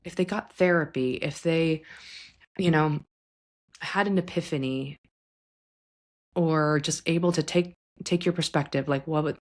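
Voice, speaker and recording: A low-pitched woman therapist speaks in a gentle, reflective way as she hosts a podcast. She explains a clinical idea to her listeners, now and then slipping into the voices of clients or parents to illustrate it. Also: unhurried, pauses often. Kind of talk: conversational psychology talk.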